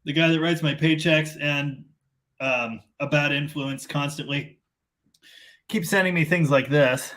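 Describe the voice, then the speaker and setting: Bright-voiced rambling male live-stream host. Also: fairly high pitch, a little slow. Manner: rambling, self-deprecating, talks in long run-on chains. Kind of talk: casual live-stream chat.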